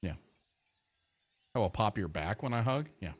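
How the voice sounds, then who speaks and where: Streaming a game, this man keeps up a loose, profane ramble with his audience in a fairly low voice at a moderate pace. His delivery is animated and full of casual swearing.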